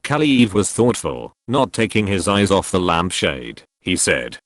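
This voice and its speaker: In a dry, close recording that suggests a small booth, a man narrates an audiobook from a script. His voice is low but moves through lively pitch swings, and his reading is measured and expressive.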